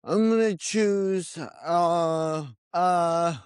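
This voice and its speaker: A man co-hosting a casual podcast, talking haltingly with lots of pauses and restarts. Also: fairly high pitch, darkish tone, smooth, dry recording, clean studio sound. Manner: hesitant, many fillers and restarts. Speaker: podcast co-host. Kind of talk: casual chat about wrestling predictions.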